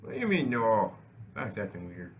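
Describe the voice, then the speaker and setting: A young man gives casual, profane commentary while gaming, rambling and restarting his sentences as game music plays behind him. His lowish voice has a sing-song quality at a moderate pace, with a little hiss or hum.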